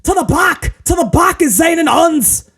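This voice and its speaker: A man doing a mocking impression of a male wrestling commentator who yells in choppy spurts. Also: extremely high pitch, lively intonation, moderate pace, voice pushed up, heavily acted. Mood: frantic shouting. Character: frantic male wrestling commentator shouting in bursts.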